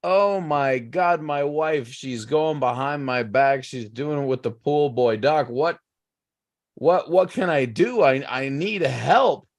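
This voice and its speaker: A despairing father moth pours out his woes, pleading for help. A man puts him on in a plain voice, with a whining, complaining manner and a middling pitch. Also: slow pace.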